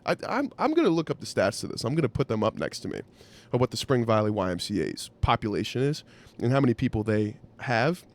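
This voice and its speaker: A man hosting a podcast, telling a wry anecdote in an animated, profane way. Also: mid-range voice, quick pace. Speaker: podcast host. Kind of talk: storytelling anecdote.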